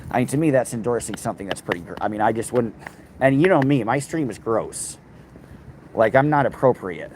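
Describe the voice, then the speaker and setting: A man's voice: mid-range voice, animated, brisk, darkish tone, low-quality recording. A man live streaming while walking outdoors on a city street, talking in a rambling, sarcastic and profane way into a handheld phone. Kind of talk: casual live stream chat. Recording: street traffic noise behind.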